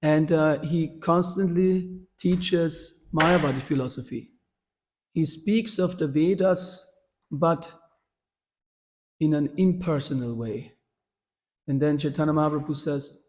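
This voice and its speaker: A man's voice: a little high, unhurried. A man, telling a devotional story at a workshop with many fillers and restarts. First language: German. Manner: animated, with frequent fillers and restarts. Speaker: workshop speaker.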